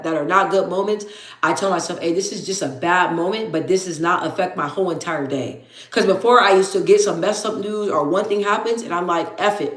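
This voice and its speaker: A woman's voice: medium pitch, fairly bright tone. Candid woman chatting on a livestream, echoey room. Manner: candid and emphatic, repeats phrases, talks straight to viewers. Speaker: livestream host reading viewer comments. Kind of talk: casual livestream chat.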